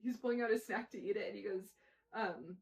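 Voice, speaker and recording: A young woman co-hosting a podcast, telling lively stories about her kids and acting out their lines between laughs. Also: medium pitch, fairly quick, vocal fry. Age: young adult. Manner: animated storytelling, acts out kids' lines, laughs often. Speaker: podcast co-host. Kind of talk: casual chat.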